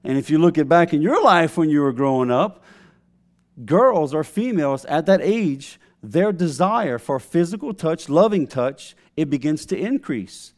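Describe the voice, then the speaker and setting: A man's voice: a little high, animated, a little slow. A man in his thirties preaching a sermon, telling a family story and calling out to the congregation. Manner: storytelling with call-outs to the congregation. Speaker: pastor.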